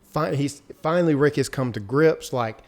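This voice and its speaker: A man co-hosting a casual recap chat, telling the story in an excitable, animated way. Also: a little high, normal speed. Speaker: podcast co-host.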